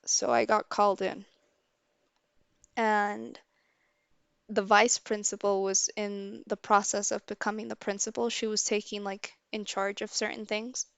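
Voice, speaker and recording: Gravelly-voiced young woman telling a story. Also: mid-range voice, unhurried, no room sound. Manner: animated, swears freely, acts out quotes. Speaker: livestreamer. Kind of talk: casual storytelling on a livestream.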